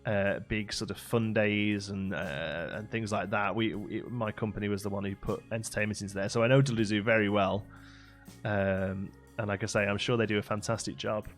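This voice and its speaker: A man from England with a Staffordshire accent, talking in a somewhat low voice as he hosts a livestream. He chats loosely with viewers, rambling and leaning on fillers. Faint music plays behind him. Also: steady tone, moderate pace. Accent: Staffordshire English. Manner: chatty, rambling, with frequent fillers. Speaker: livestream host. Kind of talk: casual livestream chat with viewers.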